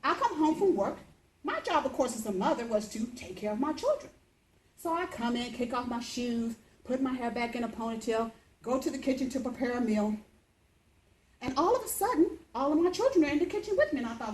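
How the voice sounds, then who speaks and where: A woman in her fifties telling a personal story as a speech, lively and acting out the voices. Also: fairly quick, echoey room, slight background noise, rough recording. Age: 50s. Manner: animated, acts out voices with big pitch jumps.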